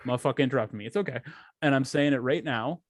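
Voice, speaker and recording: A man's voice: medium pitch, fast, dry recording. Swearing young man, dry close sound. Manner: animated, acts out quoted voices, swears a lot. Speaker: podcast co-host. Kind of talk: casual chat.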